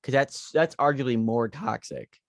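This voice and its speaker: A man co-hosting a podcast rambles through movie ideas in casual chat, leaning on fillers as he thinks. His voice has a gravelly fry, recorded dry and close. His pitch sits in an ordinary middle range. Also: normal speed, no room sound. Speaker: podcast co-host.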